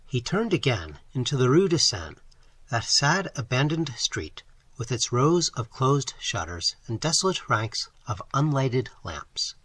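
A man narrating an audiobook in an expressive, dramatic reading style, close to the mic. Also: medium pitch, a little slow, slightly rough, dry recording. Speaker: audiobook reader.

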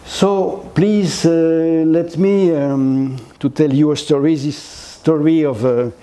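An older man from France with a French accent, giving a gallery lecture in halting English, full of fillers and restarts. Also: on the high side, fairly even intonation, mellow. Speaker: guest lecturer. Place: lecture hall, seated.

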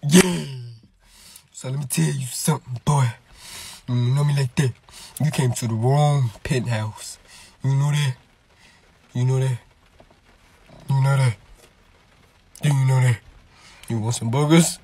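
A man's voice: medium pitch, steady tone, a little slow, long pauses, dark tone, husky. A young man who tells rambling comic stories in slang, laughs at his own jokes, and talks into a webcam during a video chat. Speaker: comedy streamer. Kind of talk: loud rambling comic storytelling.

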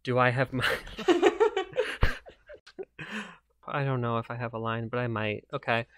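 A man's voice: mid-range voice, fairly even intonation, unhurried, a bit bright, smooth, dry recording, clean studio sound. A man hosting a podcast in casual chat, chatty and self-deprecating, with many fillers. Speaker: podcast host and author.

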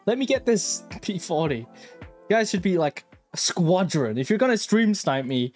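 Animated young male gaming streamer. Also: sits high, soft background music. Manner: animated, jokey, quick swings between mock calm and yelling. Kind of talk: live gameplay commentary.

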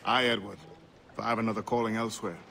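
An actor playing a calm, loyal pirate quartermaster who speaks in a measured way, in a game cutscene. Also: male voice, on the low side, slight background noise. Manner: calm, measured and warm toward a friend.

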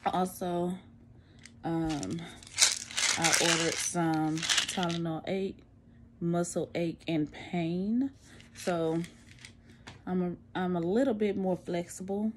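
A woman's voice: on the low side, steady tone, background noise. Tired, breathless woman vlogging from home. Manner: chatty, candid, slow and tired. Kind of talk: casual post-surgery recovery vlog.

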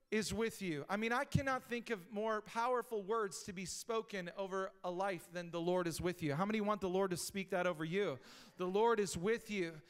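A man preaching a sermon as pastor, talking casually and rising to shouted emphasis, recorded live in a church. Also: high-pitched, clean tone. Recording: live church hall reverb.

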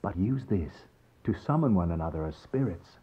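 A courteous knight of the sun speaks with a very low, husky voice. His talk is formal, earnest and genial, the way a video game character offers an alliance. The game audio sounds dull and lo-fi. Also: animated, normal speed.

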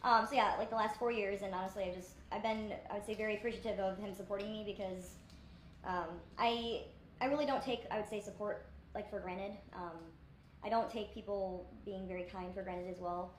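In an echoey room at a rented place with friends, a woman vlogs with a medium-pitched voice, fairly even intonation, and a slightly fast pace. There's a little hiss or hum, and her casual chat is rambling, self-deprecating, and packed with fillers.

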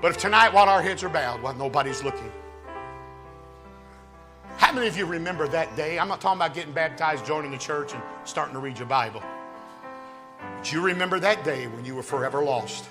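A man preaching an impassioned revival sermon at a youth rally, pleading with his listeners and rising to shouts. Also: on the high side, animated, fast, pauses often. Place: church youth rally hall. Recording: long hall reverb, faint music.

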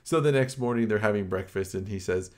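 A man's voice: lowish voice, fairly quick, a little mellow. A man co-hosting a casual podcast, rambling with lots of filler words and retelling stories. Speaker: podcast co-host. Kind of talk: casual chat.

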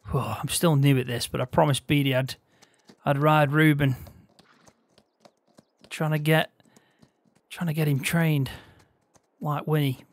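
A man hosting a farming-game roleplay, laughing easily and gently coaxing a horse. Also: fairly high pitch, flat delivery, a little slow, long pauses, dry recording. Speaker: roleplay gamer and host.

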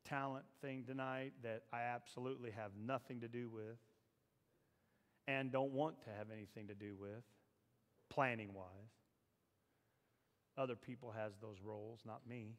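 A man preaching a sermon in a church, shifting from low, confiding talk to loud, shouted exhortation. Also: level tone, measured pace, long reverb tail. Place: church sanctuary.

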